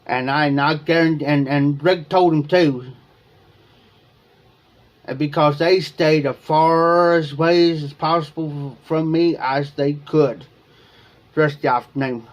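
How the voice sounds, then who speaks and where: Man, livestream host, rambling storyteller, slightly high voice, keeps repeating himself. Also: steady tone, measured pace. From Ohio. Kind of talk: casual storytelling to viewers.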